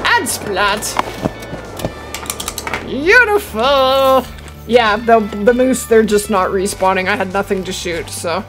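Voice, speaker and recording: A young woman live-streaming a hunting game, chatting with her viewers and getting excitable. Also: mid-range voice, moderate pace, few pauses, music in the background. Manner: excitable, chatty, talking to chat. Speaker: gaming streamer.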